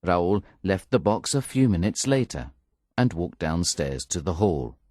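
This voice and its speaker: A man reading a story aloud in an expressive, measured narration. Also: deep voice, dry recording, studio quality. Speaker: audiobook narrator. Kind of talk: scripted narration.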